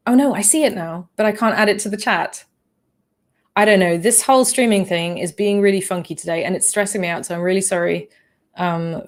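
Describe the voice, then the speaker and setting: English woman on a livestream, lowish voice, lots of ums and restarts, apologizing a lot. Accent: English, shifted by living in the Netherlands. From England. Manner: hesitant, many fillers and restarts, apologetic. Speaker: livestream host. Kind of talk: casual livestream Q&A.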